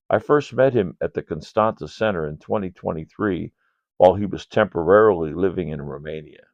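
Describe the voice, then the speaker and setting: An older man reading a ministry report to donors in a slow, measured, earnest way. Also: low voice, vocal fry, a little mellow, no echo. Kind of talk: read-aloud ministry report. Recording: dull, dry lo-fi sound.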